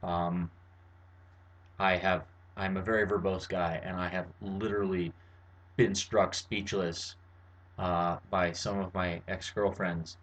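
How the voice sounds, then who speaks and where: A man's voice: low voice, level tone, slow pace, fairly bright tone. A young man talking to camera from his bedroom in a casual, verbose monologue, full of fillers and restarts as he explains something. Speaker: vlogger. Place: bedroom at home.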